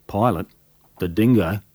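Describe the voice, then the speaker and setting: A man's voice: fairly low pitch, slow, a little mellow. A man with an Australian accent, telling a story in a folksy, conversational bush-yarn manner as scripted radio narration.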